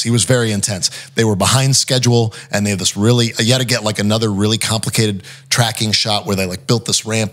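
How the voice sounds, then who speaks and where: A lower-pitched man talks through backstage stories in relaxed, casual chat. He keeps slipping into quick impressions of the people he quotes, padding his lines with fillers as he goes. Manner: animated, acts out quotes, frequent fillers. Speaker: podcast guest, actor.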